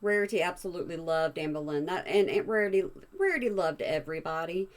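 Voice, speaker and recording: A woman's voice: lowish voice, expressive, fast talker. A woman hosting a reaction channel, talking back to a clip in a blunt, exasperated way. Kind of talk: reaction commentary.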